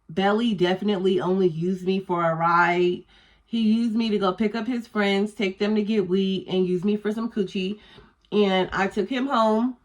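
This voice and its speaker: Candid, profane young woman telling a story. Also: medium pitch. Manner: candid, profane, drawling delivery. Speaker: YouTuber. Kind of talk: casual storytime vlog.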